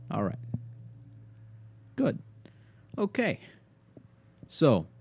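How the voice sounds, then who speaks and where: A man's voice: on the high side, sing-song, extremely slow, long pauses, dark tone, breathy edge. A young man hosting a solo podcast, rambling and swearing as he teases his dog, often dropping to a whisper. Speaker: podcast host.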